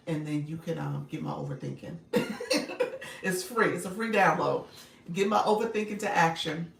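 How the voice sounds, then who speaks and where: A woman's voice: on the low side, gravelly, roomy sound, distant mic, slight background noise. A woman coaching on a live stream, upbeat and repetitive, often laughing and calling viewers by name. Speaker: livestream coach and host. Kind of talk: live-stream coaching talk, reading chat.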